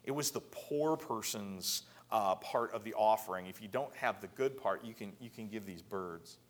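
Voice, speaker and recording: A pastor delivers a sermon at a normal speed in a conversational style, often repeating words and climbing to emphatic high peaks.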